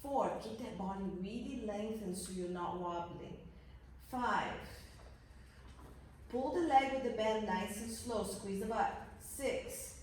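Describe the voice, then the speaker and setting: Guiding her pilates class, this woman speaks slowly in a mid-range, slightly mellow voice, energetically counting reps and now and then sounding winded. The recording is distant and echoey, with slight background noise.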